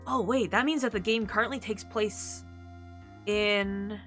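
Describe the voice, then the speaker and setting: A woman's voice: mid-range voice, steady tone, unhurried, a bit bright. A woman streaming a video game playthrough, chatting casually and thinking aloud between the lines she reads. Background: faint game music.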